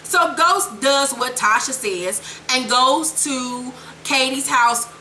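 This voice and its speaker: Woman vlogger, brash and profane recap, high-pitched and sharp; roomy echo, faint hiss. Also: slow, faint music behind.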